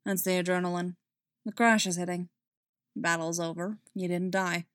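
A woman voicing a gruff alien male warrior who speaks low, soft and coaxing in a read-aloud story. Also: moderate pace, dry recording, studio quality, close to an everyday voice. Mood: soothing. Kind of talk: audiobook-style story reading.

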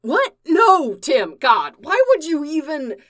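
A woman's voice: medium pitch, expressive, measured pace, close to an everyday voice. A woman voicing an easygoing young man in a storybook reading, with a breezy, lifted delivery. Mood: alarmed. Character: laid-back young man, easygoing friend.

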